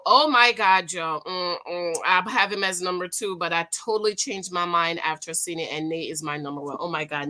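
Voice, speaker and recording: A woman from the Northeast United States with a New York accent, reviewing a dating show in lively, casual chat to her viewers. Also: fairly low pitch. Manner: animated, lively, playful asides to viewers.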